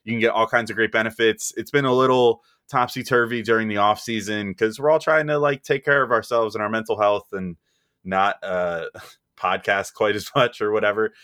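A man hosts a casual podcast, joking and rambling and laughing easily as he hops between topics. His fairly low voice is clear, resonant, and fairly bright, steady in tone at a normal speed, captured in a dry, clean studio recording.

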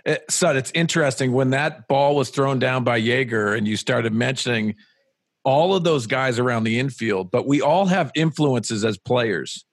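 A male co-host with a mid-pitched voice asks measured, thoughtful questions. The recording is close and dry, with almost no room sound. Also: dry recording. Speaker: sports show co-host. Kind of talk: interviewing a guest.

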